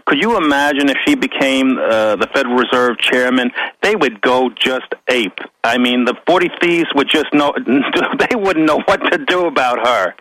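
A man calling in to a radio show who speaks hesitantly and haltingly, with many fillers. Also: mid-range voice, fairly bright tone, poor audio. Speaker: caller. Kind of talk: call-in radio conversation.

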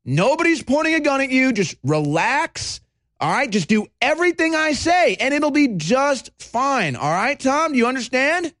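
A man's voice: very animated, normal speed, a bit bright, dry recording, studio quality, heavily acted. A man voicing a condescending male bully who talks with mob-boss menace, repeating himself in a patronizing way. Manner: repetitive, patronizing, swooping pitch.

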